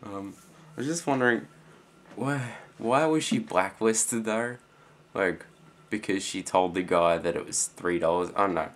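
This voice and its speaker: A teenage boy with an Australian accent, rambling casually in a vlog reply with lots of fillers and quiet trailing-off phrases. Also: on the low side, a little slow. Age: teens. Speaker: student vlogger.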